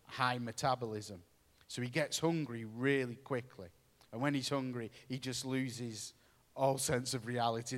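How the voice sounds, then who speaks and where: A man preaching a sermon, earnest and deliberate, mixing Bible reading with storytelling. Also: mid-range voice, in a large hall. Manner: earnest, slow and pausing, with storytelling asides.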